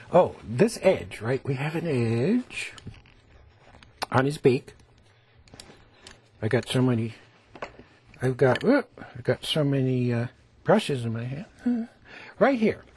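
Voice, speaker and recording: A man teaching a televised painting lesson, gentle and coaxing, often dropping to a whisper as he demonstrates strokes and asks the viewer to look. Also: mid-range voice, slightly rough. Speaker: painting instructor.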